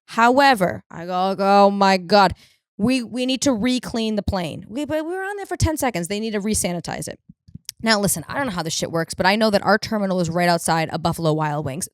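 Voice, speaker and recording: Profane, fast-ranting young woman comedian. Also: dry recording, clean studio sound. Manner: fast, profane, exasperated ranting with big pitch jumps. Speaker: comedian host. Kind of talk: storytelling comedy monologue.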